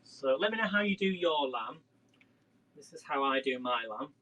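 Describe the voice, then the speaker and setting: A man's voice: medium pitch, expressive, moderate pace, pushed and bright, a little hiss or hum, poor audio. A man hosting a casual live cooking demo in his home kitchen, rambling and chatting to viewers as he works. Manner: chatty, rambling, talks to viewers while working. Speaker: cooking livestream host.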